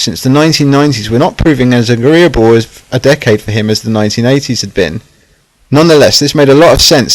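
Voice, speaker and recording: A man reads a scripted documentary narration at a middling pitch. His delivery is sardonic and he drops catty asides. The recording is dry and close, with no room sound. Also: no room sound, low-quality recording.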